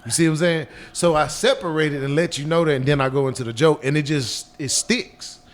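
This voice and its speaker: A man with a deep voice, chatting casually as a guest and repeating words as he rambles. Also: steady tone, a little fast. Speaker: guest actor and comedian. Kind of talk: casual chat.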